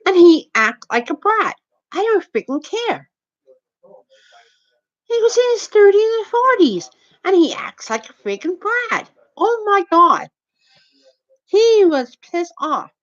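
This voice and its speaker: A woman's voice: very high voice, big pitch swings, takes it slowly, long pauses. A woman who retells an everyday run-in in a rambling, repetitive, indignant way. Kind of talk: rambling storytelling to camera. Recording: dull lo-fi recording.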